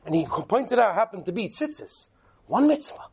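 A man, a rabbi, delivering a sermon and telling stories in an animated, emphatic way. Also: high voice, normal speed, vocal fry, husky. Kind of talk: sermon with storytelling.

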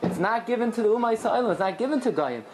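Animated Talmud teacher, woman. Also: fairly high pitch, fast talker, background noise. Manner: animated, acts out quoted voices, questioning and answering. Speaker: Torah teacher. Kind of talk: lively Talmudic lesson.

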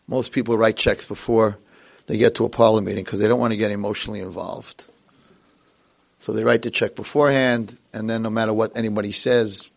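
A man's voice: on the low side, vocal fry. A man giving an inspirational speech, telling a story in a dramatic, storytelling manner. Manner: dramatic storyteller who acts out voices. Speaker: inspirational speaker.

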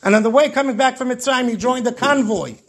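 A man's voice: extremely high pitch, fast, fairly bright tone. A man, a rabbi, telling stories in a Torah class and acting out the characters' dialogue, with Hebrew terms woven in.

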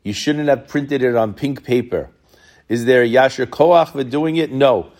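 A man's voice: mid-range voice, moderate pace, a little mellow. A middle-aged man from Brooklyn giving a Torah talk to a congregation, reading Hebrew and Aramaic passages and explaining them in a conversational way. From Brooklyn, New York. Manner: retells midrash in Hebrew then English, conversational.

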